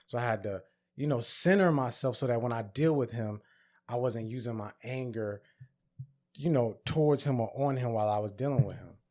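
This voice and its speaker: A man of ordinary pitch hosts a podcast and talks through a personal story in an earnest, reflective way. He slips into the voices of both people in a conversation as he retells it. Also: normal speed. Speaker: podcast host.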